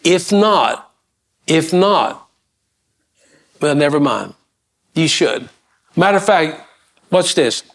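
A man's voice: a little high, expressive, takes it slowly, pauses often. A middle-aged man preaching a sermon, building emphasis and asking the congregation questions, with folksy asides and repeated words. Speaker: pastor.

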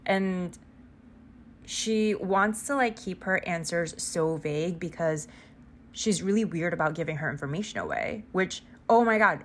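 A woman's voice: on the low side, lively intonation, measured pace, slight background noise. A woman hosting a podcast, casually recapping a book as she keeps rambling off topic, full of "like" and casual swearing. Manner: rambling, sidetracked, heavy "like" filler. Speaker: podcast host.

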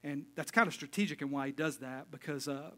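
A middle-aged man preaches a relaxed, folksy sermon as pastor. He jokes with the congregation between his points. His voice sits a little high and sounds bright and clear. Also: a little fast. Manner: folksy, joking asides, casual sermon talk.

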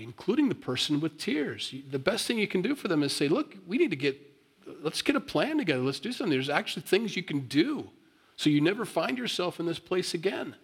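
A man preaching a sermon as a pastor, blunt and plain-spoken, speeding up at times. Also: on the high side.

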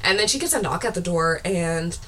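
Animated young woman recapping a film. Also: on the low side. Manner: animated, acts out characters in quick put-on voices, laughs often. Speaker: podcast co-host. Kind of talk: casual chat recapping a film.

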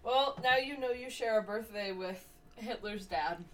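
A young woman co-hosts a casual, unscripted podcast, her voice on the high side, a little slow and a bit bright. She has the hiccups and talks right through them, chatty and rambling, laughing often.

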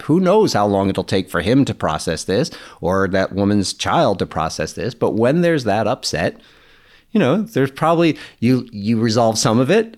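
A middle-aged man telling a personal story in a candid, casual way, swearing freely and laughing as he goes. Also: medium pitch. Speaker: guest.

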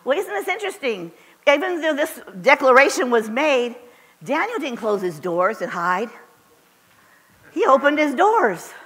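A woman's voice: high voice, very animated, a little slow, fairly bright tone, long reverb tail. A woman preacher giving a fervent, emphatic sermon in a church, driving points home with short repeated declarations. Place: church sanctuary.

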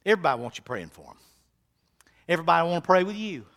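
Fiery high-voiced male preacher. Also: lively intonation, racing, vocal fry. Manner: swings from hushed to loud, preaching with fervor; folksy phrasing. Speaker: pastor. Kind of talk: sermon. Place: church sanctuary.

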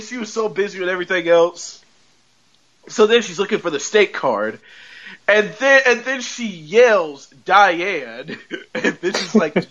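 A man's voice: sits high, a bit bright. A man hosting a podcast, retelling a TV episode in a rambling, casual way and laughing often as he talks. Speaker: podcast host. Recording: dull lo-fi podcast audio.

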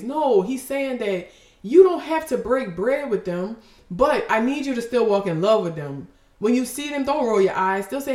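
A woman's voice: fairly high pitch, animated, unhurried, darkish tone, echoey room. A woman hosting a podcast and giving an emotional devotional talk, fervent and preachy, breaking off with exclamations.

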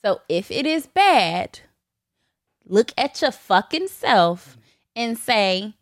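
A young woman hosting her own podcast, talking candidly and bluntly with lots of swearing and laughter, her voice jumping from loud bursts to low asides. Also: big pitch swings, slow pace, no echo, clean studio sound. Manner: blunt, profane, laughing often. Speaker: podcast host. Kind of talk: candid solo podcast talk.

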